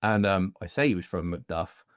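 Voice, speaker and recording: This man's voice is deep, at normal speed, in a dry recording made close on a studio mic with headphones. He's a podcast host from Devon, England, chatting casually in a rambling, jokey way and frequently putting on voices during his stories.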